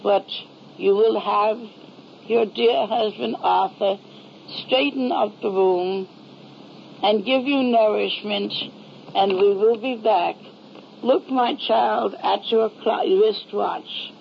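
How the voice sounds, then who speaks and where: A slow, solemn motherly heavenly voice, as a woman relays her message, tenderly admonishing and calling the listener her child. The voice is gravelly and unhurried. It sits on a dull lo-fi tape with a faint hiss. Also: mid-range voice. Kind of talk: spoken religious vision message.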